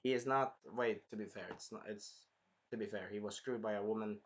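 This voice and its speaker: A young man reviewing an anime episode in casual, animated chat, swearing freely as he talks. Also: fairly low pitch, brisk. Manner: animated, swears, acts out scenes in funny voices.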